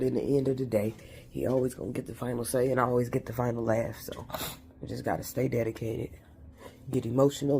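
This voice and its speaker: A man vents about his spiritual journey in a reflective, repetitive way. His voice is gravelly and dark. A faint hiss of noise sits behind him. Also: mid-range voice. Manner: reflective, repetitive, street-slang religious talk. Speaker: vlogger. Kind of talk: emotional spiritual venting monologue.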